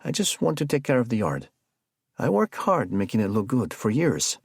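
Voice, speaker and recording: A man voicing a wary middle-aged male gardener with a heavy foreign accent, answering in short, halting, broken phrases. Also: medium pitch, wildly swooping pitch, vocal fry, husky, dry recording, clean studio sound, voice pushed up, exaggerated voice. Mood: uneasy.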